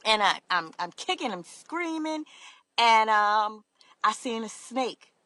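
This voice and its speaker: Woman, halting earnest storytelling, bright voice, dry close sound. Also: a little high, expressive, no room sound. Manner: halting, many fillers and restarts; earnest, emotional confiding. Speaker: vlogger. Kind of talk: personal storytelling to camera.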